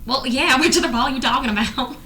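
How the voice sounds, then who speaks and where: High, bubbly woman player. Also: noisy background. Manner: bubbly, quick, giggly. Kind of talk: casual game chat.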